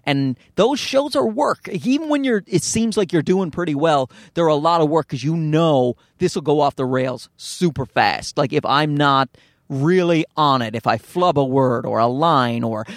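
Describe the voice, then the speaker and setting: A man's voice: mid-range voice, dry recording, studio quality. A man, a stand-up comedian, talking through a casual solo podcast monologue, rambling and running himself down, now and then slipping into mock voices. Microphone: studio mic through a field recorder.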